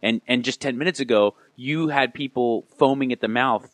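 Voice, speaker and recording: A man's voice: mid-range voice, normal speed, a bit bright, dry recording. A man guesting on a podcast, talking in an earnest, reflective way and often stumbling and restarting mid-thought. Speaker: podcast guest, radio host. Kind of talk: casual reflective chat.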